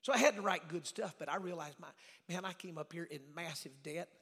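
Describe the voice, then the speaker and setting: A middle-aged man preaching a storytelling sermon in a folksy way, swinging from loud preaching to hushed asides. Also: fairly high pitch, a little fast, gravelly, breathy edge. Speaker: evangelist preacher. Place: church sanctuary. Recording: reverberant church hall.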